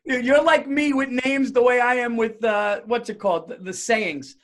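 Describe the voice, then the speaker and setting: A man's voice: extremely high pitch, steady tone, normal speed, fairly bright tone. A middle-aged man hosting a podcast, telling stories on himself with lots of laughter. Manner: laughing, self-mocking storyteller. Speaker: podcast host. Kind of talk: casual podcast chat.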